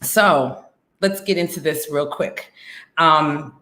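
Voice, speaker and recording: A woman hosting a casual online talk show, chatty and lively, with many fillers and laughs. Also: low-pitched, slow pace, reverberant. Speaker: host.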